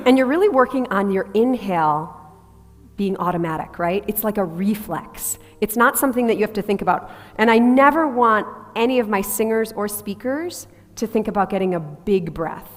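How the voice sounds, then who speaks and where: A woman's voice: medium pitch, expressive, moderate pace, in a large hall. A woman voice coach teaching a workshop group about breathing, demonstrating sounds and asking the group to try them. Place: large hall with a live group.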